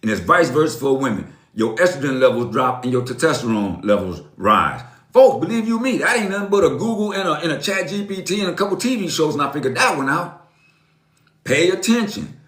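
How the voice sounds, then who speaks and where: A man's voice: a little high, very animated, fairly quick, fairly bright tone, echoey room. Emphatic, preachy man in his fifties. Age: 50s. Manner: preachy, emphatic, repeats lines, addresses viewers as folks. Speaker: motivational live-stream host. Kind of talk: motivational live-stream talk.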